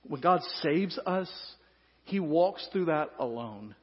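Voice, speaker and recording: Man preaching, pastor, high voice, hushed then emphatic, long hall reverb, dull lo-fi recording. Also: animated, breathy edge. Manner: swings between hushed, slow passages and loud, emphatic preaching. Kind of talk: sermon. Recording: echoey hall, dull lo-fi sound.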